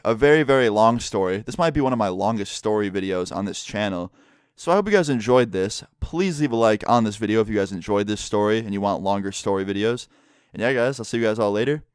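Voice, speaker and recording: A man's voice: lowish voice, clean tone, no echo, clean studio sound. A young man with a stuffy, sick voice, telling a story in a casual vlog, rambling and swearing with lots of "like". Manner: rambling, profane, many fillers of "like". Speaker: YouTuber telling stories.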